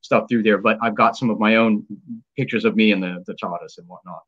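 A man's voice: on the low side, fairly even intonation, fairly quick, breathy edge, highs cut off. A man hosting a live stream, chatting casually and enthusiastically, rambling with many fillers and restarts. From United States.

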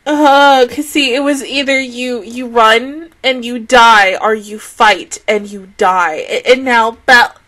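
Woman host for a reaction vlog: high, bright, tearful, emotional, swears a lot. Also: fairly even intonation, takes it slowly, few pauses. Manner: emotional, exclaiming, swearing often. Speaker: anime reaction channel host. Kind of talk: casual reaction commentary.

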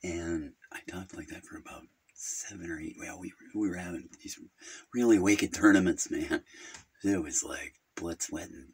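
A man's voice: low-pitched, moderate pace, noisy background, lightly acted. A man playing a rambling, gossipy male Jehovah's Witness who halts, hums and giggles at his own crude jokes in an improvised comedy monologue.

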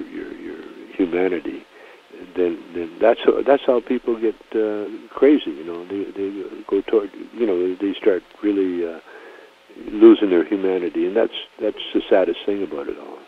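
A man's voice: low-pitched, normal speed, creaky, a little hiss or hum. A man, a comedian guest in a casual phone interview, talking in a rambling, laid-back way full of restarts and "you know". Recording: tinny phone line.

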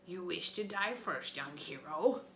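Mulher fazendo um gigante glutão e presunçoso. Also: female voice, fairly low pitch, expressive, a little slow, fairly bright tone, a little hiss or hum. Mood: gloating. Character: gloating hungry male giant.

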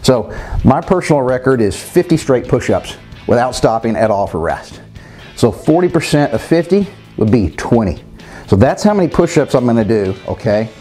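With soft music in the background, a man with a mid-range, mellow voice and big pitch swings coaches a home workout at a normal speed. He explains each exercise straight to his viewers, addresses them as "guys," and counts reps out loud.

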